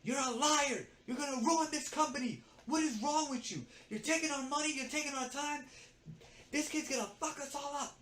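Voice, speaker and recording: A man putting on a shrill, furious woman coworker. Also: moderate pace, a little hiss or hum. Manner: shrill, accusing shouting. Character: furious yelling middle-aged woman coworker. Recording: roomy with faint ambience.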